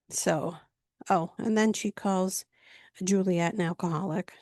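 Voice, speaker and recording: A woman's voice: lowish voice, steady tone, a little slow, a little mellow, no room sound, clean studio sound. A woman casually recapping a reality TV episode, retelling the scenes in a chatty way with lots of fillers.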